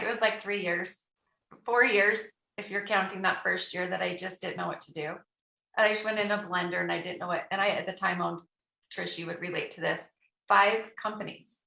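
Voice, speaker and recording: A middle-aged woman, a guest entrepreneur, telling a personal story in an interview, animated and quoting her own thoughts aloud. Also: mid-range voice, creaky. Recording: echoey room.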